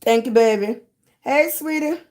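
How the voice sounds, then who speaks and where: A middle-aged woman chats casually on a phone live stream. Her voice sits a little high and she talks slowly. She greets each viewer by name and calls them sweetie and baby. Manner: greets viewers warmly with pet names, chatty and playful. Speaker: livestream host.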